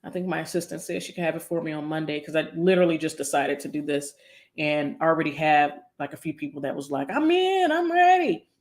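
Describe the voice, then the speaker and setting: A woman's voice: low-pitched, little pitch movement, fast talker. A woman psychologist talking casually on a live stream, chatty and long-winded, with many fillers and an upbeat, encouraging manner.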